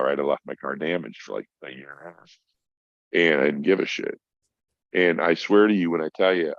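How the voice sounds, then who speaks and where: A man's voice: sits low, gravelly, no room sound. A middle-aged man, stoned, telling a rambling, profane story in casual chat as a podcast guest. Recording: dull lo-fi sound.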